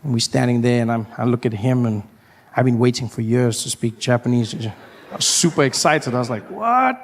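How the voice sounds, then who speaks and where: A male comedian doing stand-up before a live audience, animated and often breaking into put-on voices. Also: mid-range voice, fairly quick.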